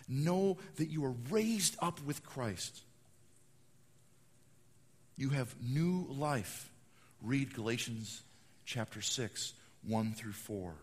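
Animated preacher man in a reverberant hall. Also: mid-range voice. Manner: animated, acts out quotes, swings between loud and hushed. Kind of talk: sermon.

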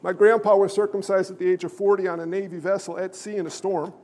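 A man with a strikingly high voice delivers a fervent sermon, pressing his listeners with question after question. His words ring out with a long, lingering hall reverb, as if from a large sanctuary. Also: little pitch movement, fast talker, darkish tone. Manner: emphatic, calls out to the congregation with questions. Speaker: pastor. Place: church sanctuary.

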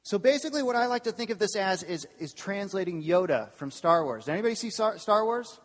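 A man with a somewhat high voice delivers a sermon as a campus pastor. He preaches with energy and keeps turning to the congregation with questions. His voice carries a long reverb from a church hall. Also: fast. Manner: lively, asks the congregation questions.

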